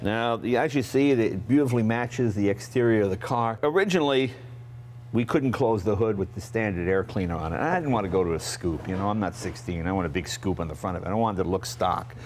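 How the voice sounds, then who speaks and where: Chatty low-voiced man in his sixties. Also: quick pace, slight background noise. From Massachusetts, USA. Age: 60s. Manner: chatty, animated, acts out family members' lines. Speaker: host. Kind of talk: casual storytelling about cars.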